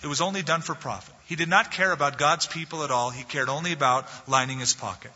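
A male pastor preaching a sermon, retelling a story with animated, emphatic delivery and a slightly husky voice. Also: fairly high pitch. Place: church sanctuary. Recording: dull lo-fi recording in an echoey hall.

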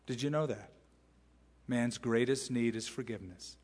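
A man's voice: mid-range voice, normal speed, long pauses, darkish tone. A male pastor preaching an expository sermon, emphatic and full of rhetorical questions and asides. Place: large church sanctuary. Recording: long reverb in a large hall.

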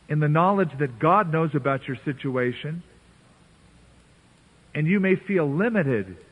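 A man's voice: a little high, breathy edge. A man preaching an earnest, conversational sermon, playfully voicing biblical characters as he reads. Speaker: pastor. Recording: tinny phone-like radio broadcast.

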